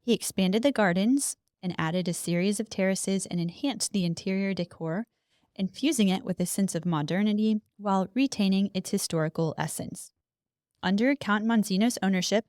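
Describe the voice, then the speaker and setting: A woman's voice: mid-range voice, a little mellow, smooth, no echo, clean studio sound. A woman co-hosting a casual podcast, reading history notes aloud with chatty asides. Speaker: podcast co-host.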